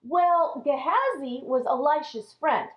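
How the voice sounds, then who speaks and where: A woman teaching Sunday school, telling a Bible story to children in an animated way. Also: sits high, slow pace. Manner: animated, acts out characters' lines. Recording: dull lo-fi recording.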